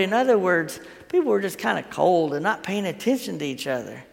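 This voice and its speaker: Man, pastor, folksy storytelling sermon, gravelly voice, long hall reverb. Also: high voice, big pitch swings, a little fast, hardly any pauses. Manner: storytelling, folksy, repeats words while thinking aloud. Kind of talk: conversational sermon.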